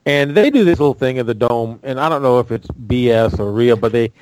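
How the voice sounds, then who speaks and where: Halting man talking sports. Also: mid-range voice, darkish tone, clean tone, rough recording. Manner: halting, repeats words while thinking. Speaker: co-host. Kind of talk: casual sports talk.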